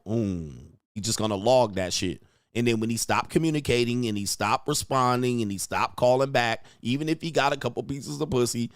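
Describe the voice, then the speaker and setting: A man's voice: medium pitch, no echo. Male commentary host, crude and blunt, dry close sound. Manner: blunt, crude, repeats himself, mimics reactions. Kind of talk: commentary on video clips.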